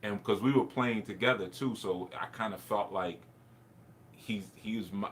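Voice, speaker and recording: A man's voice: lowish voice, unhurried, a bit bright, slight background noise. A man, a spiritual teacher, telling a personal story in a rambling, reflective way, with laughs and restarts.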